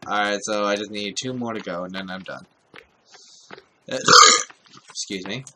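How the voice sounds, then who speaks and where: A man's voice: on the low side, unhurried, very noisy. A man giving casual let's-play commentary, talking to himself while he plays and swearing often. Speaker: gameplay commentator.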